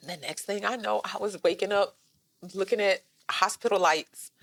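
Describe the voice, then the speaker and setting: A woman in her thirties telling a personal story on a podcast, animated and direct, calling listeners "y'all" and "girl". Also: mid-range voice, normal speed, no room sound. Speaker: guest.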